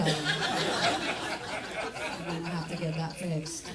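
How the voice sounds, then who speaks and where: Woman comic, French accent, deadpan delivery, live club set recorded with some distance and noise. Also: lowish voice, moderate pace, pauses often. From France. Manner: deadpan punchlines, mocking voices for others. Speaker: stand-up comedian. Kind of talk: stand-up comedy set. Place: comedy club stage. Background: audience laughter.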